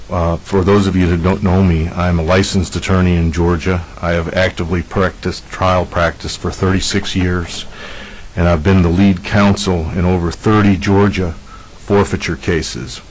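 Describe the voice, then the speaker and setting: Deep-voiced veteran defense attorney. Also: male voice, little pitch movement, rough recording. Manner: measured, deliberate, some filler uhs. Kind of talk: formal testimony.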